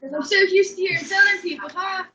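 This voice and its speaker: A woman's voice: extremely high pitch, fast talker, pushed and bright. A young woman chatting casually on a livestream, rambling, joking and swearing freely. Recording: echoey room, distant mic, dull sound.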